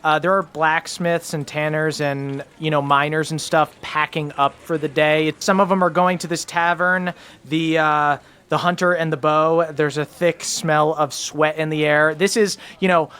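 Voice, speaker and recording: A man's voice: on the high side, fairly even intonation, unhurried, pushed and bright, clear, resonant tone. A man running a tabletop game as game master, narrating scenes and laughing often.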